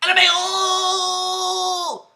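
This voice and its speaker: A man voicing a mocking male online heckler in a high, shouted voice. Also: monotone, very slow, heavily acted.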